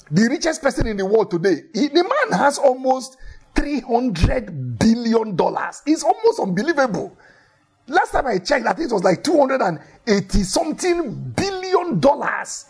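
A man's voice: very high voice, very animated, a little slow, slightly rough. A man preaching a sermon in an emphatic way, repeating key phrases for effect and telling Bible stories with animation.

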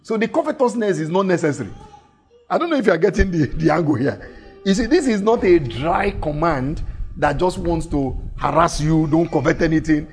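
A man's voice: on the high side, lively intonation, normal speed, soft background music. A man preaching a teaching sermon, repeating key phrases and putting questions to his listeners.

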